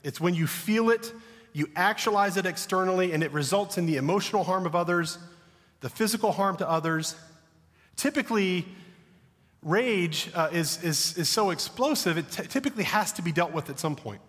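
A man's voice: sits high, animated, normal speed, big-room sound. A man in his thirties with a Southern American accent, preaching a conversational, self-deprecating sermon. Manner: conversational, self-deprecating, drops to a hushed voice for stories. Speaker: pastor.

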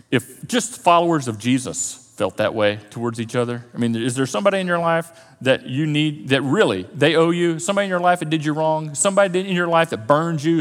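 A man preaching a sermon, telling a story with lively animation and acting out the characters' lines. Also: a little high, in a large hall. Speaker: pastor. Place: church auditorium.

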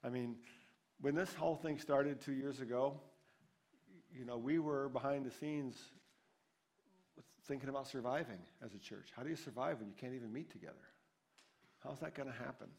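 A man's voice: medium pitch, normal speed, long pauses, darkish tone, slightly rough. A man preaching a sermon as pastor at a church service, in a conversational, storytelling way.

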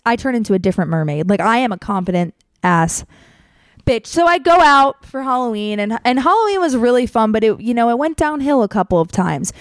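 A woman's voice: fairly high pitch, dry recording. Chatty candid young woman, dry close sound. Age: young adult. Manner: chatty and candid, acting out quotes with swearing. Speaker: podcast host. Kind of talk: casual storytelling monologue.

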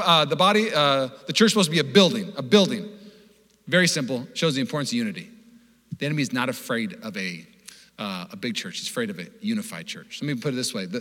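A young man from Washington state preaching a sermon as pastor, animated and joking in a conversational way. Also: mid-range voice. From Washington state, USA. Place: church hall. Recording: long hall reverb.

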